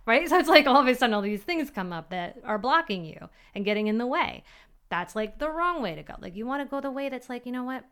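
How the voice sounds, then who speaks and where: A woman's voice: on the high side, very animated, quick pace, fairly bright tone, clear, resonant tone. A woman hosting her own podcast as a personal trainer, chatty and upbeat, acting out her inner voices as she talks. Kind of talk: solo podcast talk.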